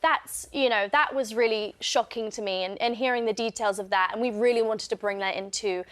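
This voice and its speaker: A young adult woman chatting as a guest on a TV studio sofa, earnest and reflective, with halting pauses. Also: fairly high pitch, fairly bright tone. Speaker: guest author. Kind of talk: casual interview chat.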